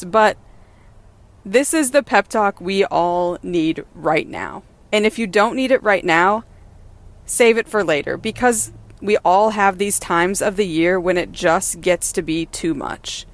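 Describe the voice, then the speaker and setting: A woman's voice: fairly low pitch, unhurried. A woman hosting a podcast, talking candidly and encouragingly from her car, laughing now and then. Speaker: podcast host and mother. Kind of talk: casual personal monologue. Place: in a car while driving.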